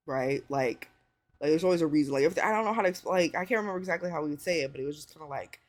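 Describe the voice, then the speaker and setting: A thirty-year-old woman chatting casually to viewers and giving advice, blunt and full of swearing, with lots of "like" and "you know". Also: rapid-fire. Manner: swings into high excited pitch when riled up. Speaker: vlogger.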